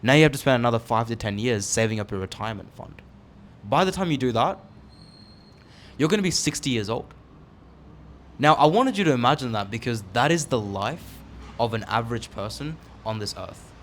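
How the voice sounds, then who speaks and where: A man's voice: medium pitch, lively intonation, fairly quick, slight background noise. A man in his twenties, seated and talking straight to the camera in a casual, emphatic, candid way about making money young. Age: 20s. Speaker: online entrepreneur vlogger. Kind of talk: motivational talk to camera. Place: seated indoors, filming himself.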